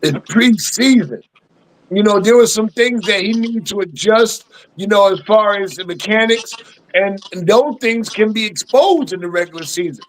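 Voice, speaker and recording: A man in a casual sports chat who argues for his team in an emphatic, excitable way. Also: sits high, moderate pace, low-quality recording. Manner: emphatic, excitable, stubborn fan.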